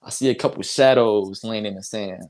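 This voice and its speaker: A man's voice: fairly low pitch, normal speed, darkish tone. A young man from North Carolina, a basketball player telling a story in a casual interview, acting out quotes and laughing.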